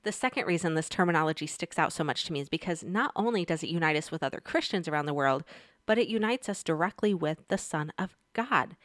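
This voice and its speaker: Woman Bible teacher, lowish voice, dry close sound, talks right to the viewers. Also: lively intonation, quick pace, a bit bright, no room sound. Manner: chatty, speaks straight to viewers with questions. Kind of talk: casual devotional teaching.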